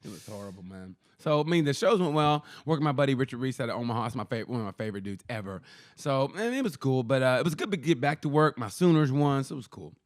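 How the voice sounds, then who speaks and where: A man co-hosting a casual comedy podcast, telling stories at a fast clip. His pitch swings widely as he rambles through anecdotes, often with a laugh. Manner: animated storytelling, quick and rambling with laughs. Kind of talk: casual chat.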